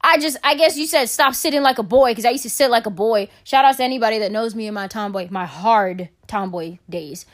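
A young woman co-hosting a casual podcast, telling stories in an animated, profane, dramatic way. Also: medium pitch, fairly quick, hardly any pauses. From Caribbean family. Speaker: podcast co-host. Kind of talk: casual storytelling chat.

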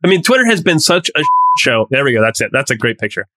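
A man's voice: medium pitch, big pitch swings, fast, bright, forceful tone. A man in a casual podcast chat, talking in emphatic, rambling bursts full of "like". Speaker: podcast co-host.

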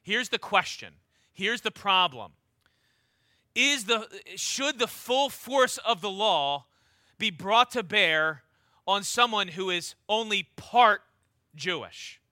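A man's voice: sits high, animated, slow pace, bright, forceful tone, dry recording. A man preaching a sermon. He reads scripture aloud and drags out the key words for emphasis.

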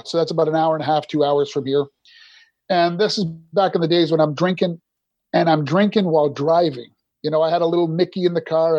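Podcast guest: middle-aged man from Canada, higher voice, rambling and candid, dull dry remote audio. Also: a little mellow, dry recording. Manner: rambling, restarts often. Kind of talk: candid recovery story.

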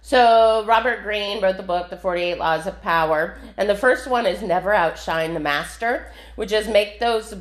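A woman's voice: mid-range voice, moderate pace, roomy sound. A woman talking casually through her meditation practice, chatty and rambling, with frequent laughs and fillers. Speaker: spiritual practice vlogger. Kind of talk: casual spoken meditation walkthrough.

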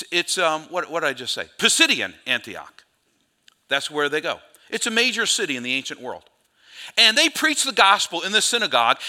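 Lively, bright-voiced male pastor preaching. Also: high voice. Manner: animated storytelling, self-correcting asides. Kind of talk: sermon.

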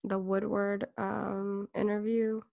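A woman's voice: medium pitch, little pitch movement, slow pace, gravelly, darkish tone, no echo, highs cut off. A woman co-hosting a podcast in casual chat, with a blunt, profane style and frequent laughter. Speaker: podcast co-host.

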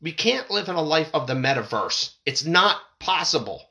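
A podcast host with a rather high, very animated voice that is creaky, pushed and bright, speaking at a moderate pace. He reads news stories aloud and erupts into angry, profane rants, stumbling over and repeating words as he gets worked up.

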